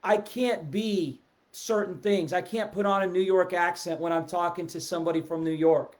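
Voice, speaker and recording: A middle-aged man giving a casual, animated sales talk on a live stream, seated and reading out viewer comments. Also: high voice, moderate pace. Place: indoors, seated in a chair. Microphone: webcam or phone at a desk, seated.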